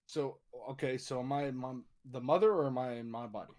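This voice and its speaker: A young man playing in a tabletop game, asking blunt, quick questions and swearing casually. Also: mid-range voice, a little mellow. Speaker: player.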